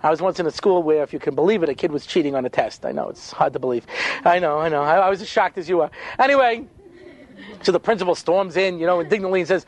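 A man, a rabbi, telling funny stories in an animated way, with quick asides and acted-out voices. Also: on the high side. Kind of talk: humorous storytelling talk.

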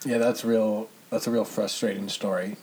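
A man's voice: lowish voice, flat delivery, moderate pace, darkish tone, a little hiss or hum. A man co-hosting a comedy podcast, riffing playfully on a friend's story with jokes. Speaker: podcast co-host. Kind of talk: casual comedic banter.

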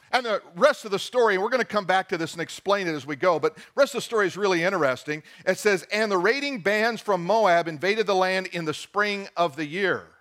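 High-voiced man preaching a sermon. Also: a bit bright. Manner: emphatic preaching, reads scripture aloud, asks the congregation questions. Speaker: pastor.

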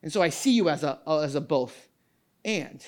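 A woman's voice: low-pitched, animated, normal speed. A woman pastor preaching a sermon, emphatic and full of repeated questions. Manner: emphatic, questioning, with quoted asides.

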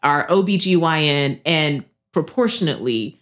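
A woman in her thirties co-hosting a podcast, chatting casually and acting out quotes with big jumps in pitch. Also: normal speed. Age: 30s. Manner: animated storyteller, acts out quotes with pitch jumps. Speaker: podcast co-host. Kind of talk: casual chat.

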